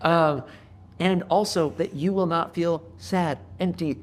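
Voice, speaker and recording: A man in his forties hosting a candid podcast conversation, blunt and heavy on swearing, animated as he talks. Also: a little high, slow pace. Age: 40s. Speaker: podcast host and boss.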